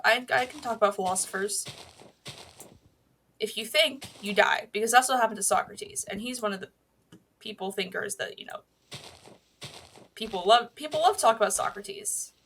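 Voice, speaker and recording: Woman streamer bright, slightly high voice, rambling casual gaming chat, drops swears, reads and answers chat. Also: expressive, brisk, pauses often, a little hiss or hum.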